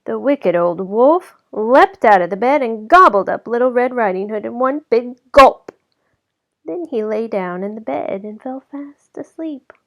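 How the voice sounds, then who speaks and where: A woman reading a children's storybook aloud as narrator, in an expressive way that slows down for effect. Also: a little high. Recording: slightly dull lo-fi recording.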